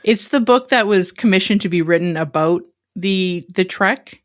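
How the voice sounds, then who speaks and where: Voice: mid-range voice, moderate pace. Informative podcast co-host reading out research. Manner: informative, explaining carefully. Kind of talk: casual chat with read-out passages.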